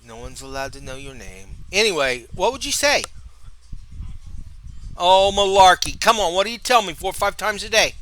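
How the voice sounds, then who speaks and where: A middle-aged man rambles through a home podcast in a high, bouncy voice with a sharp, bright edge. He is goofy and excitable and keeps laughing at himself, recorded on a camera mic with a faint hiss and the odd click behind him. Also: moderate pace. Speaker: podcast host. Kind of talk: rambling self-mocking podcast chat. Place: home room.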